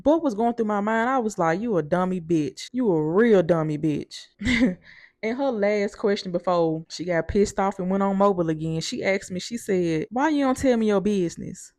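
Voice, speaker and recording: Woman, profane storytime, blunt and animated, dry close sound. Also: mid-range voice, moderate pace, no room sound. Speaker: storyteller vlogger. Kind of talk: casual storytime monologue.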